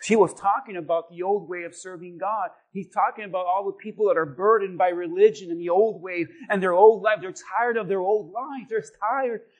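A man preaching a sermon as pastor, telling stories animatedly and swinging between loud bursts and hushed lines. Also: high voice, a little fast, few pauses.

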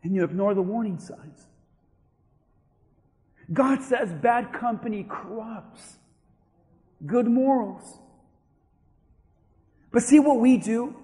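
A male pastor preaching a sermon, swinging between shouted emphasis and quiet asides. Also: very high voice, slow, pauses often, long reverb tail.

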